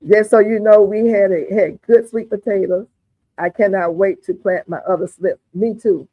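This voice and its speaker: A woman's voice: mid-range voice, steady tone, moderate pace, no room sound. A woman hosts a gardening livestream, chatting with viewers in a folksy way and calling them honey and darling. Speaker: gardening channel host. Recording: tinny phone-like audio, dry.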